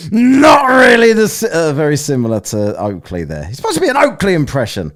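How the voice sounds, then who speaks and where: A man hosting a casual live-stream, rambling, swearing and laughing as he plays listener clips. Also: medium pitch. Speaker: streamer hosting a soundbite contest.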